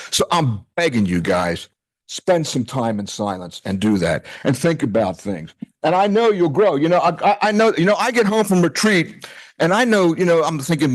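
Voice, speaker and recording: Speaking to a retreat gathering, the association's president, a man in his sixties, is heartfelt and conversational and works in quoted dialogue. His voice runs on the high side, in a low-quality recording with no room sound.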